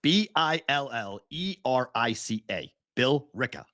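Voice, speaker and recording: A man's voice: medium pitch, sing-song, measured pace, bright, forceful tone, no echo, studio quality. A man with a Boston-area accent, co-hosting a sports talk show in casual chat, often laughing as he spells out town names. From Merrimack Valley, Massachusetts.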